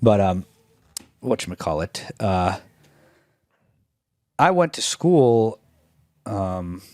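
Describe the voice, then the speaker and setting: Podcast host, man, 40s, Chicago-Illinois accent, very low voice, dry close sound, relaxed. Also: drawn-out words, no echo. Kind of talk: casual chat.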